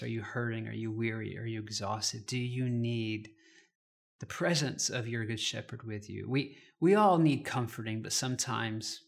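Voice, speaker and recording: A man speaking as a pastor, reading scripture and then sharing a personal story in a gentle, reflective way. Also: medium pitch, creaky. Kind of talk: devotional sermon.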